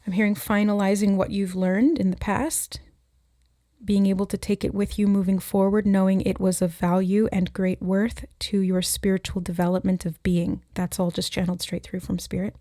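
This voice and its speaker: Musing aloud to camera, a woman gives an intuitive tarot reading and relays messages as they come to her. Her mid-range voice has a flat delivery and a dark tone at a normal speed. The recording is dry and studio quality.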